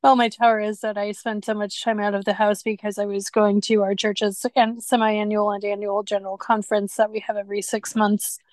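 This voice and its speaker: A woman's voice: medium pitch, flat delivery, brisk, few pauses, a little mellow, dry recording. Chatty woman podcast co-host. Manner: chatty, laughs easily. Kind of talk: casual chat.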